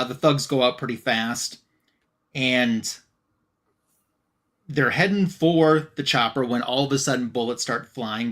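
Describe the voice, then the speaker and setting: A man, a podcast co-host, casually recapping a comic scene by scene, reading out the characters' lines with plenty of "um" and "uh". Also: medium pitch. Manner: retells scenes by reading out dialogue with "she's like"; relaxed, frequent "um" and "uh" fillers.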